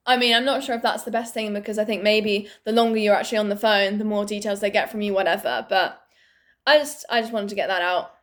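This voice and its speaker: A woman, telling a story to camera in a blunt, animated way with lots of swearing. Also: mid-range voice, fairly quick. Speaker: vlogger. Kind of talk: casual storytime vlog.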